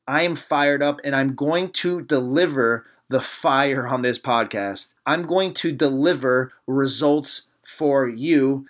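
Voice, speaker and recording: Male podcast host and life coach, preachy and pumped up, punchy repetition, mid-pitched voice. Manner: fired-up, preachy, punchy repeated short phrases. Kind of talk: motivational podcast monologue.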